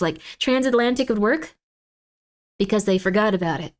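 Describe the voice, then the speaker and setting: A woman's voice: medium pitch, expressive, normal speed. A woman streamer chatting casually on a livestream, rambling and playfully emphatic.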